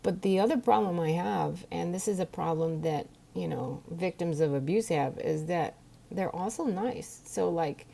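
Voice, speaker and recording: Gravelly, mellow-voiced woman vlogger. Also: lowish voice, normal speed. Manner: earnest, emotional, direct address to viewers. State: close to tears. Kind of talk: personal video diary.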